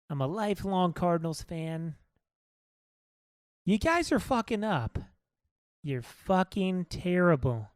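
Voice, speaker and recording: A podcast host who chats casually, reacting briefly, and rants bluntly in a segment. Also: male voice, a little high, darkish tone, no echo, clean studio sound. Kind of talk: casual chat.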